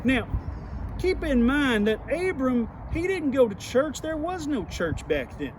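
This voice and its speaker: A man's voice: very high voice, big pitch swings, a little slow. A man, telling a playful, folksy Bible lesson for children outdoors. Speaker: children's Bible teacher in character. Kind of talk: folksy kids' devotional. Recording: outdoor clip with traffic noise.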